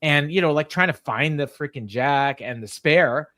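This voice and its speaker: A man's voice: fairly high pitch, normal speed, bright, forceful tone, no room sound, studio quality. A middle-aged man, co-hosting a casual podcast and telling long stories full of ums and restarts. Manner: rambling storyteller, many ums and restarts. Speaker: co-host.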